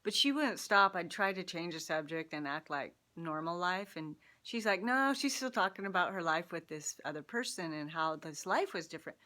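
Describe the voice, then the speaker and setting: A woman with a bright, clear voice talks straight to her viewers. She tells a story in a casual, lively way and laughs often. Her tone is friendly and open, like a personal vlog. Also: fairly low pitch. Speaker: vlogger sharing personal insights. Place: Seattle.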